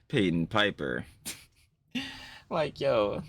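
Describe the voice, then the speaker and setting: A man's voice: low-pitched, normal speed, bright, forceful tone. A man streaming a reaction, talking in a rambling, profane way with lots of filler. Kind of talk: casual reaction talk.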